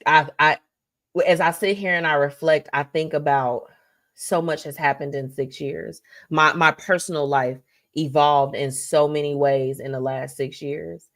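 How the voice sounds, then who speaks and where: A chatty woman host with a somewhat low voice, talking in a loose, effusive way on her live talk show. She is heartfelt and warm toward her listeners, running on from one thought to the next. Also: fairly even intonation, measured pace. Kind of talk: casual livestream talk show sign-off.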